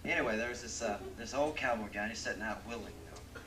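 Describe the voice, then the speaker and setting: A man's voice: on the low side, expressive, fast talker, reverberant, crowd noise. A man hosting a dinner theater show, telling a joke in a chatty way and laughing along. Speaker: master of ceremonies. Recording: distant camcorder, faint room noise.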